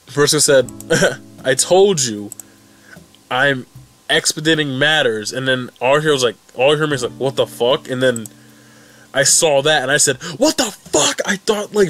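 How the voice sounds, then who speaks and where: A young man casually recapping and reacting to a webcomic update, rambling and excitable with many restarts. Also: medium pitch. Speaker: fan recap vlogger.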